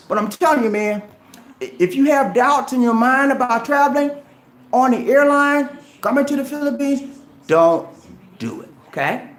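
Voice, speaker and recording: This is a man giving travel advice in a vlog, pushing his points with animated, preachy energy. He leans on casual filler words and acts out short exchanges. His voice carries a noticeable echo from a hard room. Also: very high-pitched. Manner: animated and preachy, acting out little dialogues; colloquial, repeats "man" and "okay". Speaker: travel vlogger. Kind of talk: casual motivational talk to camera. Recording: echoey room.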